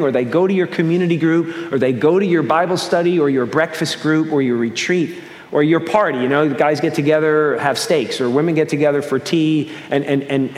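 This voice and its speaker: A man from the American Northeast preaching a sermon as pastor, earnest, often restarting his phrases. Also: a little high. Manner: earnest, with repeated restarts and shifting pace. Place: church sanctuary. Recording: echoey hall with long reverb.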